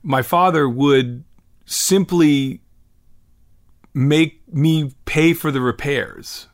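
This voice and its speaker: This musician guest is a middle-aged man from the United States whose voice sits on the high side as he draws out his words. In a chatty interview he wanders through his thoughts self-deprecatingly, frequently starting over.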